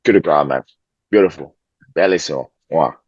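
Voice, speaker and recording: Very deep husky-voiced podcaster. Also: male voice, moderate pace, a little mellow, dry recording. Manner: cheeky, mock-pompous, swears freely. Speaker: podcast co-host. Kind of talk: casual sports podcast banter. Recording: dull lo-fi home mic.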